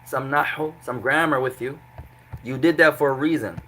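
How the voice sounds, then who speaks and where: A man's voice: mid-range voice, normal speed, pushed and bright, a little hiss or hum, rough recording. A man teaching an Arabic grammar lesson to a class, explaining patiently and repeating examples.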